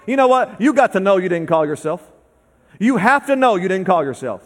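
A man preaching a sermon to a church service, swinging from quiet, fast lines up to shouting and half-singing. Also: high voice, lively intonation, some chatter behind, slight background noise. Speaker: pastor. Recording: long hall reverb.

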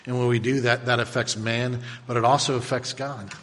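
A pastor in his fifties preaching a sermon with animated delivery that builds to loud exclamations. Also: medium pitch, normal speed, in a large hall. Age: 50s.

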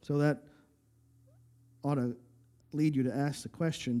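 A man's voice: medium pitch, steady tone, a little slow, dark tone. A man pastor preaching a sermon, emphatic and full of rhetorical questions, often repeating words as he restarts a phrase.

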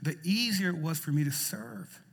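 A male pastor preaching a sermon in a church, repeating phrases and swinging between loud, stirring lines and soft ones. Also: sits high, animated, moderate pace, gravelly, slightly rough. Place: church sanctuary. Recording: church hall reverb.

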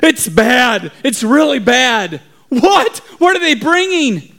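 A man voicing a panicked male lookout on a city wall, shouting a frantic, breathless alarm during a sermon. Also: extremely high pitch, sing-song, takes it slowly, exaggerated voice.

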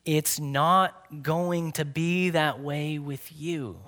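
Earnest, fairly high-voiced male preacher. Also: fairly bright tone. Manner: earnest preaching, slows and drops to a whisper for emphasis. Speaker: pastor. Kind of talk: sermon.

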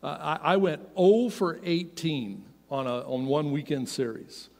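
A middle-aged man telling a personal story as a sermon, animated and swinging from loud to hushed. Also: on the high side, measured pace. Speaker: pastor. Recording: long hall reverb.

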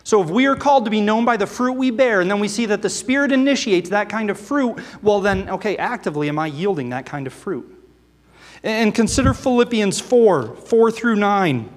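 A man's voice: high-pitched, lively intonation, normal speed. A man preaching a sermon, earnest and full of rhetorical questions, reading scripture aloud between his own remarks. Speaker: pastor. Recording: long reverb of a large hall.

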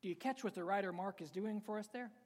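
A man's voice: high voice, fast talker. Joking, emphatic male pastor in a reverberant hall. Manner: conversational and joking, with emphatic outbursts. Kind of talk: preaching a sermon to a live congregation. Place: church sanctuary with congregation. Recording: long reverb of a large hall.

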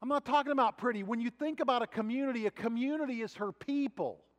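High-voiced preaching man in a hall. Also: fast. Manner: conversational preaching with rhetorical questions. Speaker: pastor. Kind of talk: sermon.

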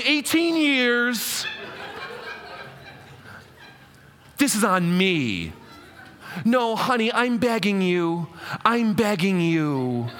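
A man's voice: high voice, a bit bright, long reverb tail, exaggerated voice. A man voicing an exasperated mother pleading with and scolding her grown children, dramatic and coaxing.

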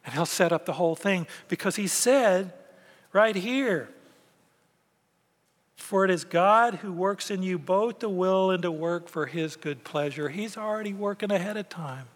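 A man's voice: high voice, a little slow, long reverb tail. A man preaching a conversational sermon as pastor, acting out quoted thoughts along the way. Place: church sanctuary.

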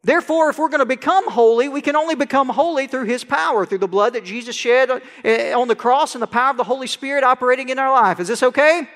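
A male pastor preaching a sermon to a congregation, swinging from quiet conversational asides to loud, rising proclamation. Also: very high-pitched, fast talker, hardly any pauses. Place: church sanctuary. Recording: long church hall reverb.

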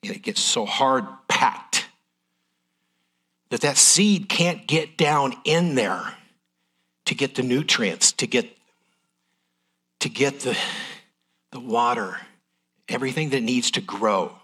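A man's voice: medium pitch, animated, slow, pauses often, sharp tone, breathy edge. A middle-aged man preaching a sermon in a folksy, candid, emotional way. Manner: folksy, transparent, emotional delivery.

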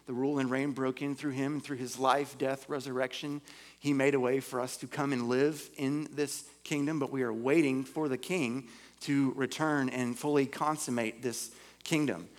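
A man preaches to a congregation, moving between reading scripture aloud and unpacking it in a loose, everyday way. His voice sits at an ordinary middle pitch, with casual fillers between passages. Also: fairly even intonation, normal speed. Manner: reads scripture aloud, then explains it in plain conversational terms. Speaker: pastor.

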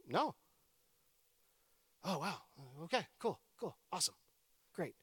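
A man's voice: high-pitched, big pitch swings, takes it slowly, long pauses, fairly bright tone, slightly rough, dry recording, clean studio sound. A man in his thirties preaching a sermon, telling personal stories in a conversational, playful way with joking asides. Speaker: pastor.

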